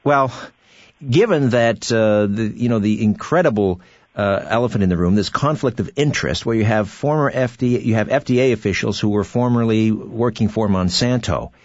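A man's voice: on the low side, normal speed, no room sound, muffled recording. A man hosting a radio interview, asking pointed questions with incredulous interjections. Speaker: radio host.

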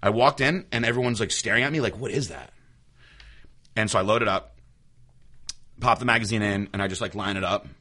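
Fast-talking bright-voiced man. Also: lowish voice. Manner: animated storyteller, swears freely, acts out quotes. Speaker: podcast co-host. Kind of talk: casual chat.

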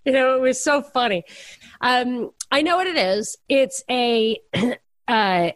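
A woman's voice: fairly high pitch, slow, no echo, studio quality. A middle-aged woman on a podcast, telling rambling, self-deprecating stories in casual chat. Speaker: podcast co-host.

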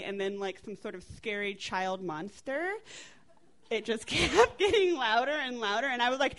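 Twenties american woman telling a story onstage, kinda high voice, giggly and chatty, drops f-bombs. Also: measured pace. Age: 20s. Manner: chatty and animated, laughing through her lines, swearing for comic effect. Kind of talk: live storytelling on stage.

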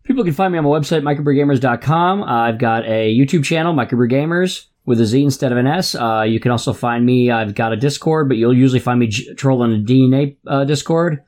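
A man guest on a podcast, speaking in relaxed casual chat with hesitant fillers. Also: medium pitch, fast talker, hardly any pauses.

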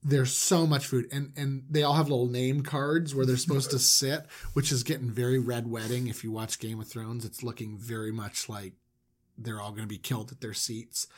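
A man casually retelling an old story in a joking, animated way with quick asides. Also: medium pitch.

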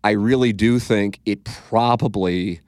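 A podcast host with a St. accent tells stories in a blunt, profane, casual chat, acting out the quotes. His voice sits on the low side with a darkish tone and a measured pace. The recording is dry and studio quality.

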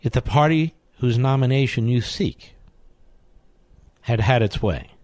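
A male radio host in the studio, unhurried and mid-range, delivers a combative, sarcastic monologue, reading news and cutting in with muttered remarks between loud emphatic moments. The studio microphone picks up no room sound.

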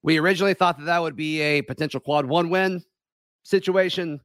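A man hosting a casual sports talk stream, hoarse from yelling, rambling with many fillers and restarts. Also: a little high, steady tone, a little fast, dry recording, clean studio sound.

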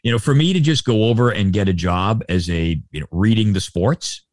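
A man's voice: on the low side, brisk, darkish tone, dry recording, studio quality. A middle-aged Canadian man, a sportscaster, chatting in an interview with lots of fillers and restarts. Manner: rambling, many fillers and restarts. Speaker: sportscaster guest. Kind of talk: casual interview chat.

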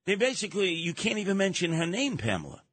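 A man hosting a radio talk show, trading opinions with callers in an animated, mocking way that slips into acted voices. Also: sits high, quick pace, no echo.

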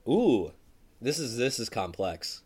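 A man's voice: mid-range voice, big pitch swings, slow, darkish tone, a little hiss or hum. A man co-hosting a sports podcast, talking casually and rambling with lots of fillers and restarts. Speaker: podcast co-host.

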